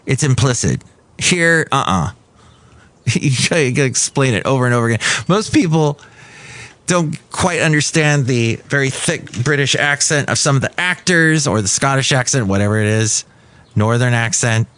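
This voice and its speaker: A man's voice: medium pitch, expressive, moderate pace, fairly bright tone. Chatty, rambling male podcast host. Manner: chatty, digressive, self-correcting. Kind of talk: rambling solo podcast chat.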